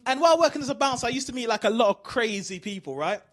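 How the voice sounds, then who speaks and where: A man from the UK doing an animated stand-up routine, asking the crowd questions. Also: extremely high pitch, rapid-fire. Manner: animated storytelling, asks the crowd. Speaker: stand-up comedian.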